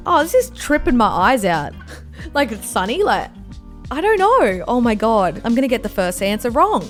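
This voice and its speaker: Chatty Australian young woman vlogger. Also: a little high. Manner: chatty, self-mocking, exclamatory. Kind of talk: casual chat.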